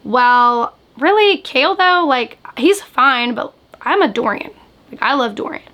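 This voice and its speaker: A woman book vlogger in casual reaction chat, animated and chatty, sprinkling "like" through her talk. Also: high-pitched, unhurried. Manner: chatty, animated, frequent "like" fillers.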